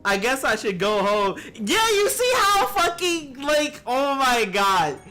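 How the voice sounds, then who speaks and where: A young man in casual live game commentary, swearing a lot, his pitch jumping up when flustered. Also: very animated, takes it slowly, over music. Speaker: game streamer.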